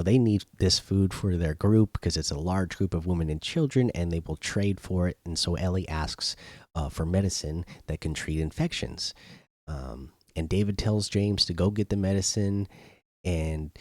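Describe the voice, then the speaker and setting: A man with a low voice recaps an episode in a loose, chatty way, leaning on fillers and restarting his sentences. The sound is close and dry, with no room echo. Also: a little mellow. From not British. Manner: loose, filler-heavy retelling. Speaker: host. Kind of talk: casual spoken recap.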